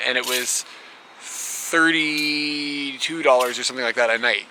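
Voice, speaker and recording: A man's voice: mid-range voice, fairly even intonation, measured pace, bright, forceful tone, a little hiss or hum, poor audio. A young man talking casually to camera in a small guest house bedroom, rambling and bemused, laughing often and swearing now and then. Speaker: travel vlogger. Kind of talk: casual vlog talk to camera.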